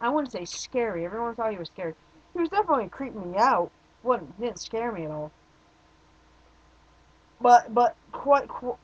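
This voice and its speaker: A man's voice: very high voice, muffled recording. A young man giving a casual, opinionated spoken movie review, rambling with frequent restarts and fillers.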